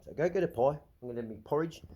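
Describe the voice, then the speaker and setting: A man's voice: fairly high pitch, rapid-fire, mellow. A middle-aged Australian man hosting his own channel, ranting agitatedly with frequent swearing and repeated, restarted words. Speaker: vlog host. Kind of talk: ranting monologue.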